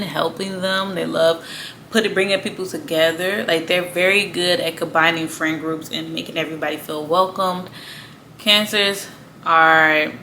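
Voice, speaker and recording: A woman's voice: fairly low pitch, sharp tone, a little hiss or hum. A woman talking casually to camera, blunt and slangy, swearing freely and laughing between points. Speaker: astrology vlogger. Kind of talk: casual monologue.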